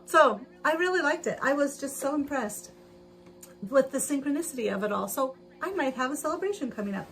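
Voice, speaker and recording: A woman's voice: sits high, animated, a little fast, a bit bright. A woman hosting a casual sewing livestream, chatting to viewers and talking herself through each step, laughing often. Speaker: livestream host. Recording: noisy livestream audio with sewing machine. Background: sewing machine noise.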